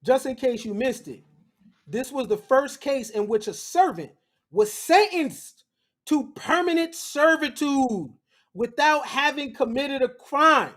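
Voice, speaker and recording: A man with a notably high voice, lecturing in blunt, emphatic street slang. He drives each point home forcefully, and his delivery stays casual throughout. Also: lively intonation, slow. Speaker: host. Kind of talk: lecture-style commentary.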